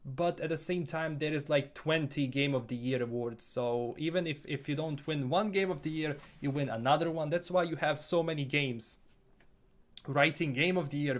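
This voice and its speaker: On a live stream, a Bosnian man with a Bosnian accent and a mid-range voice casually reads viewer comments aloud and responds to them.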